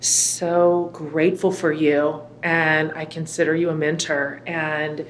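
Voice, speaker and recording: A woman hosts a podcast interview in an effusive, enthusiastic way. Her voice sits a little low. She talks conversationally and reads sponsor spots in the same chatty tone. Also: little pitch movement, takes it slowly, slight background noise. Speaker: podcast host. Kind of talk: warm conversational interview and read ad.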